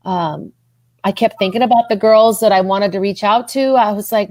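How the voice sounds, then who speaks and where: A woman's voice: medium pitch, normal speed, darkish tone, no room sound. A woman guest on a podcast telling her personal story of faith, earnest and repeating herself as her voice rises when she is moved. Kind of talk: emotional personal testimony.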